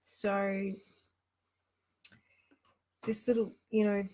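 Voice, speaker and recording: A woman's voice: medium pitch, level tone, drawn-out words, darkish tone. A woman casually chatting and reading cards aloud on a live stream, giggling often. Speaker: card reader hosting a live show.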